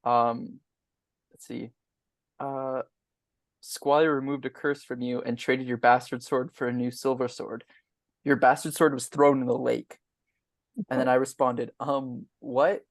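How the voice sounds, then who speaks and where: A man with a gravelly, fry-tinged voice, chatting as a player at a tabletop game. He rambles along in a bemused way. The sound is dry, with no room echo. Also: mid-range voice, little pitch movement, a little slow, pauses often. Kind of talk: casual chat.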